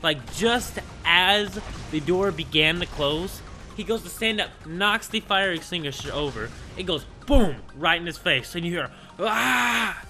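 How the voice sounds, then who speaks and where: Young male vlogger, slightly high and sharp-toned, excitable rambler with heavy filler words. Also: measured pace, soft background music. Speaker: gaming channel host. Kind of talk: casual storytelling vlog.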